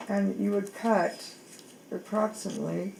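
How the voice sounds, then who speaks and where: A woman walks through trimming her bird's wings at a slow, unhurried pace, pausing and restarting often. Her voice sits a little low and has a gravelly rasp. A loud background noise runs under the whole home recording. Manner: slow, halting, with many restarts and fillers; coos softly to her bird. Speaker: bird owner demonstrating grooming. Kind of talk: home how-to demonstration.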